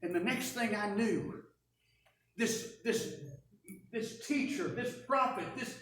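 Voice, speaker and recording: A woman preaching a first-person dramatic sermon, telling the story in an animated, wry way. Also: a little high, slow, slight background noise. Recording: echoey church from a distance.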